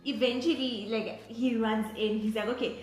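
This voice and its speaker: A woman's voice: fairly high pitch, steady tone, moderate pace. A woman, dramatically retelling a story in casual chat, with restarts and bursts of laughter. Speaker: co-host of a couple's channel. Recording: very echoey room with faint music.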